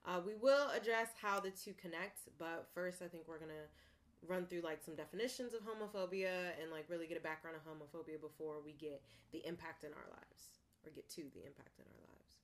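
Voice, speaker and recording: A woman co-hosting a casual chat podcast, talkative and quick to jump in. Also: fairly low pitch. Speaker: podcast co-host.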